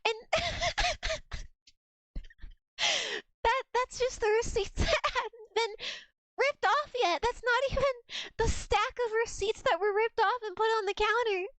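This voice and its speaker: Young woman streamer with a very high, dry close voice; swears freely and laughs through her stories. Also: moderate pace, no echo. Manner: profane, laughing, animated retelling of work stories. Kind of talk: casual storytelling on a game stream.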